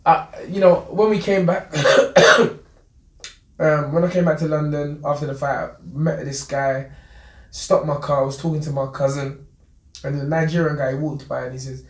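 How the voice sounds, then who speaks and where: A boxing manager talks emphatically, repeating his points and boasting as he tells stories. His voice sits a little high for a man and echoes in a roomy space. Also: steady tone, moderate pace. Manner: emphatic, repetitive, boastful storyteller. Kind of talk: interview guest telling stories. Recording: echoey room.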